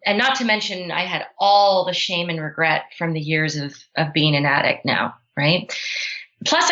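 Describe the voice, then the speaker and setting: A woman's voice: fairly low pitch, bright, forceful tone, lo-fi sound. A woman guest in a podcast interview, telling her story candidly with many "you know" and "right?" asides. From Canada.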